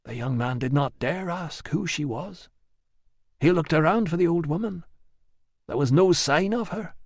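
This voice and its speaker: A man narrating an audiobook in a measured, expressive reading. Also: a little high, no room sound, clean studio sound. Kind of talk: scripted narration.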